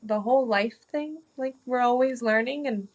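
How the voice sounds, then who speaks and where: A woman appears as a podcast guest in a casual conversation, reflective and chatty, saying "like" a lot and laughing easily. Her voice is on the high side at a moderate pace, and the sound is lo-fi.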